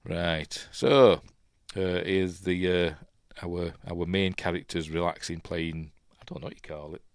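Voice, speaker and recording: A man's voice: sits low, unhurried, clear, resonant tone, dry recording, studio quality. A man with a Yorkshire accent, hosting a chatty live film commentary and rambling as he gets sidetracked. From Yorkshire, England. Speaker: host.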